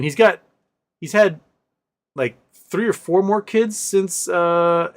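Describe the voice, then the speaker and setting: A man hosting a casual livestream, reading viewer comments and answering them in a sarcastic, rambling way with many fillers. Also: mid-range voice. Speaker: livestream host.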